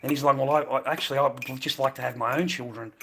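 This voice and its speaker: An Australian man in a profane, rambling casual chat to viewers, breaking into loud bursts. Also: medium pitch, steady tone, fast talker, a little hiss or hum.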